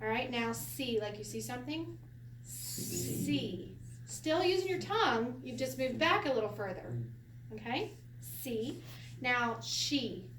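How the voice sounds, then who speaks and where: A woman teaching a Hebrew lesson to a class, animated and quick to laugh as she acts out quotes. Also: on the high side. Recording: echoey room from a distance, faint hiss.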